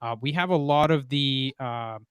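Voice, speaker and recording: A man's voice: mid-range voice, moderate pace, a bit bright, clear, resonant tone, dry recording. A man from India hosting a football live stream, chatting casually with lots of fillers and restarts. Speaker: stream host.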